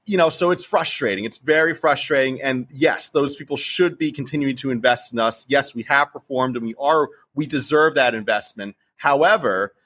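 Brief: man with a New Jersey accent, mid-pitched, emphatic guest who keeps an interview moving. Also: normal speed, few pauses. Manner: animated, emphatic, acts out quoted investors. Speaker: real estate investor guest. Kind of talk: casual interview talk.

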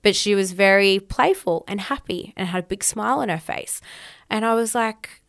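A woman's voice: mid-range voice, normal speed, gravelly, a bit bright. A woman podcast host telling a personal story in an emphatic, candid way, swearing freely.

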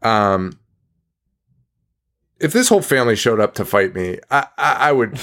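A man's voice: on the low side, expressive, measured pace, a bit bright. A man co-hosting a podcast in casual chat, sarcastic and swearing freely, often laughing. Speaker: podcast co-host.

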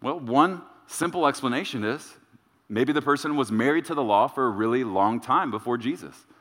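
A male pastor preaches in a mid-range voice and drives his points home by repeating them. He leans on dramatic pauses. His words carry a long reverb, as in a large sanctuary. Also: medium pitch, expressive, a bit bright. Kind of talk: sermon.

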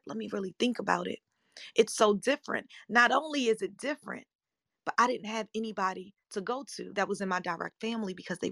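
A woman in her forties giving an upbeat motivational talk as a coach, her voice slightly hoarse and scratchy, often checking in with her listeners. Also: mid-range voice, a bit bright, no room sound, studio quality. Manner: upbeat, emphatic, rhetorical check-ins. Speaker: life coach and live-room host.

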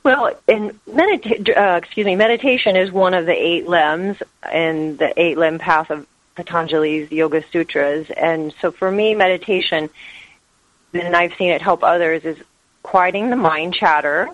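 A woman's voice: lowish voice, moderate pace, dry recording, highs cut off. Woman, interview guest, yoga teacher, earnest, flowing, dry recording. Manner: earnest, flowing spiritual talk. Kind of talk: interview answers.

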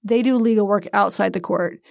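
Gravelly-voiced woman, dry joking podcaster. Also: mid-range voice, fairly quick, darkish tone, no echo. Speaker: podcast co-host. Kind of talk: casual podcast chat.

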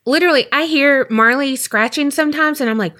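A woman's voice: high-pitched, brisk, sharp tone. A woman podcast co-host in casual chat, playful and self-deprecating.

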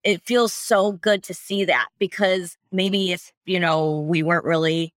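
A woman's voice: lowish voice, fairly even intonation, measured pace, no echo, clean studio sound. A woman who works at a small business, chatting as a guest on a podcast and speaking upbeat and enthusiastically. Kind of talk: casual podcast chat.

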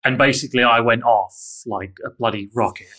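Candid bright-voiced man. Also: medium pitch, fairly even intonation, fairly quick, slight background noise. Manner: candid, self-critical, many restarts. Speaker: interviewee. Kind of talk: reflective personal story.

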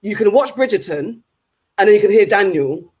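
High-voiced British man ranting. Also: expressive, normal speed, husky. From Britain. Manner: passionate, rambling with restarts and rhetorical questions. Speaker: co-host. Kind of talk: casual opinion chat.

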